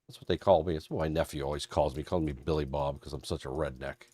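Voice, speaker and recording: A man's voice: extremely low pitch, fairly even intonation, quick pace, warm tone, dry recording. A man moderating a live trading stream, talking in a folksy, rambling way with a stuffed-up head cold. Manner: folksy, rambling, self-deprecating. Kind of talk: live-stream market talk.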